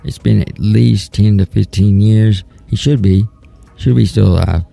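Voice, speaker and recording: Thirty-something guy talking solo on his show, low gravelly voice, rambly and plainspoken. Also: steady tone, a little slow, warm tone, soft background music. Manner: rambling, restarts thoughts, earnest and plainspoken. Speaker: podcast host. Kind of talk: casual solo talk-show monologue.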